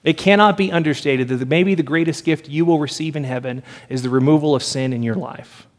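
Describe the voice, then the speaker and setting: Man, pastor, sermon, earnest, repetitive build, slightly high pitch. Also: brisk. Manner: earnest, builds with repeated phrases, occasional laughs.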